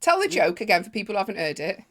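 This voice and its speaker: A woman co-hosting a casual podcast, teasing her co-host with quick, witty comebacks. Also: mid-range voice, big pitch swings. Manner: teasing, quick-witted retorts. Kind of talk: casual chat.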